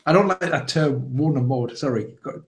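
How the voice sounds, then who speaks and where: Gravelly man, echoey room. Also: medium pitch, moderate pace. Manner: cheerful, chatty, hesitant with fillers. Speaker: co-host. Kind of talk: casual livestream chat.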